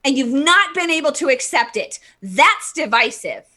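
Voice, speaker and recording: A woman's voice: high-pitched, sing-song, moderate pace, sharp tone. A woman hosting a live vlog, ranting heatedly with emphatic stress and stumbling restarts while reading viewer comments. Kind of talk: impassioned live political rant.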